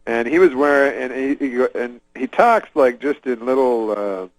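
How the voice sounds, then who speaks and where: A man's voice: medium pitch, normal speed, no echo, poor audio. A man comedian casually telling a long story, rambling with many fillers and frequent chuckles, on a remote call. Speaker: comedian guest.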